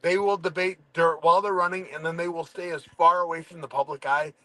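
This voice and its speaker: Man, fairly high voice, halting and restarting in a relaxed podcast chat. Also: poor audio. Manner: frequent restarts and stammering. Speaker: guest, fighter.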